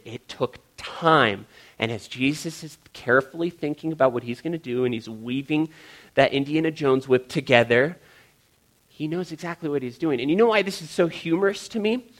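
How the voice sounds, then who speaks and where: Joking, chatty male preacher. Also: on the high side. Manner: humorous, conversational, addresses listeners as guys. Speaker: pastor. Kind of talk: sermon.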